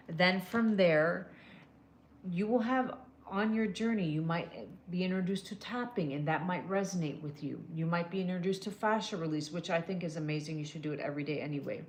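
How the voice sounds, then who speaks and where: A woman's voice: fairly low pitch, a little hiss or hum. A woman hosting a casual live stream, giving wellness advice directly and answering viewers with pet names. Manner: direct, calls viewers "girl" and "my love". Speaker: livestream host doing emotional scans. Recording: echoey room.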